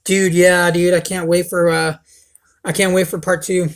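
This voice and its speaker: This young livestream host speaks at a normal speed in a high, level-toned voice. Casual and rambling, he curses a lot and keeps addressing everyone as dude.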